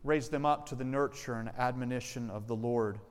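A male pastor preaching a sermon, animated and acting out family members' lines. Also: mid-range voice, a little fast, clean tone, long reverb tail. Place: church sanctuary.

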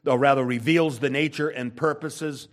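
A man preaching a sermon, emphatic, with wide swings between loud and soft and frequent rhetorical questions to the congregation. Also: mid-range voice, steady tone, normal speed. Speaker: pastor.

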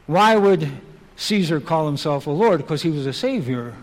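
A man's voice: fairly high pitch, lively intonation, moderate pace. A man preaching a sermon, driving his points home with emphatic rhetorical questions. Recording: long hall reverb.

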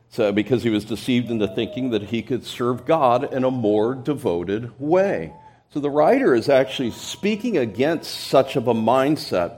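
Male pastor, mid-pitch, verse-by-verse sermon, emphatic swells on key words. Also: darkish tone, breathy edge. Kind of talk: expository sermon.

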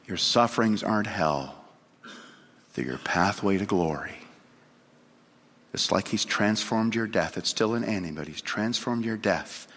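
A man preaching a sermon with great passion, swinging from loud, high pleading lines to low, hushed ones. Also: measured pace, pauses often. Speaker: pastor. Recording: reverberant hall.

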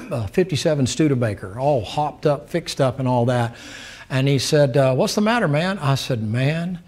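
An older man preaching a sermon, telling a folksy story, laughing and acting out the dialogue. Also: medium pitch.

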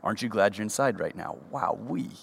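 A man preaching a sermon, reading Bible verses aloud and explaining them, his voice climbing high for emphasis. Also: animated, brisk, gravelly, breathy edge, in a large hall.

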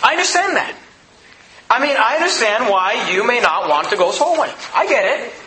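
High, bright-voiced preaching pastor. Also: male voice, big pitch swings, reverberant, slight background noise, low-quality recording. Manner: emphatic, conversational preaching with quick asides. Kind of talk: sermon.

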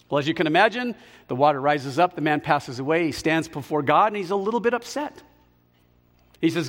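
High-voiced preacher in a reverberant hall. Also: male voice, animated, a bit bright. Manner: emphatic, slowing on key words. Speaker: pastor. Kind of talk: sermon.

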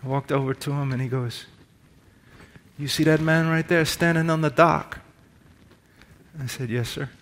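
A middle-aged male preacher giving a sermon, shifting between loud, slow emphatic preaching and quiet personal storytelling. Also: a little high, steady tone.

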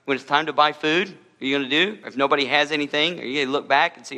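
A man's voice: on the high side, very fast, few pauses, bright, forceful tone, in a large hall. A man preaching a sermon as a pastor, in a conversational style with humorous asides.

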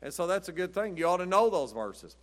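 A man's voice: high-pitched, very animated, fairly quick. A man preaching a sermon in a folksy, rambling storytelling way, chuckling often. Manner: rambling, chuckling, says "but anyway" often.

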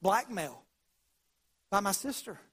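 A male pastor preaching a sermon, telling stories with dramatic swings between loud and hushed delivery. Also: sits high, very animated, slow pace, slightly rough.

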